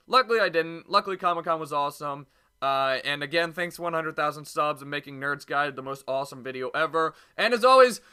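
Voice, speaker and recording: Bright-voiced young man telling a story. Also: fairly high pitch, smooth. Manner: animated, profane, acts out quoted voices. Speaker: YouTube vlogger. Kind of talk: casual storytelling vlog.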